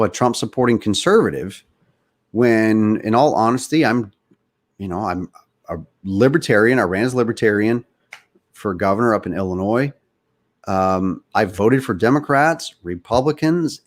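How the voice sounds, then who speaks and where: A man hosting a podcast, with a slight Southern US accent, giving earnest, opinionated political talk and speaking straight to his listeners. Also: medium pitch. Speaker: podcast host.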